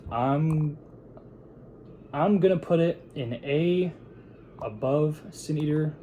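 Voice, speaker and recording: Young guy recapping a movie at his desk, rambly, lots of ums, mellow kinda dark voice, bit of hiss. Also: fairly high pitch, slow pace. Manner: rambling, with frequent fillers and restarts into quoted voices. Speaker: film reviewer. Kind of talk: casual plot recap and review. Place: at his editing table.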